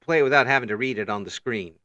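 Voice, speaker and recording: A man hosting an interview, encouraging and measured, summing up his guest's answers. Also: mid-range voice, pushed and bright, dry recording, dull audio. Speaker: interview host. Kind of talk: casual interview.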